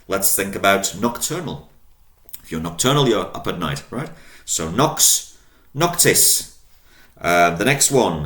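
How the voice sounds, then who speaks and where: A Latin teacher gives an online language lesson, patiently spelling out word endings and drawing out each new vocabulary word. His voice is fairly low and a bit bright, with a roomy echo in the recording.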